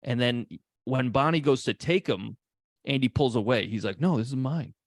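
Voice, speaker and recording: A man co-hosting a casual movie podcast, animated and profane, acting out characters' lines as he talks. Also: medium pitch, normal speed, no room sound, studio quality. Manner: animated, swears a lot, acts out characters' lines. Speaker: podcast co-host.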